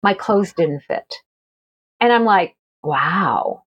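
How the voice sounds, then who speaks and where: Lively middle-aged woman telling stories. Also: on the high side, moderate pace, highs cut off. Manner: animated, laughing, acts out quoted voices. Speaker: guest author and energy healer. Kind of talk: casual conversation with storytelling.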